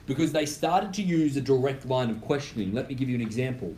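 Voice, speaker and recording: A man's voice: medium pitch, expressive, fast, warm tone. Man coaching in an echoey room. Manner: direct, coaching, tags lines with "okay?". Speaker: real estate auction trainer. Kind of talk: training seminar talk. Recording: echoey room with faint background noise.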